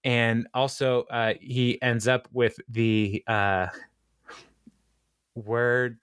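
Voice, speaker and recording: A man co-hosting a podcast talks casually through a sitcom episode, slipping in playful jokes. He has a middle-pitched voice that sounds dry and close on the mic. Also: flat delivery, extremely slow, fairly bright tone, clear, resonant tone, dry recording. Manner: playful, jokey asides, dips into mock voices. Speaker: podcast co-host.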